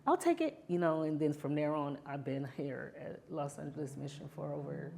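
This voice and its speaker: A woman with a low voice tells her own story in an interview. She speaks from the heart and keeps adding "you know" as she goes. She gets lively when she recalls past moments. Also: normal speed, vocal fry. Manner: grows animated when reliving past moments. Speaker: interview guest. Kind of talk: personal testimony interview.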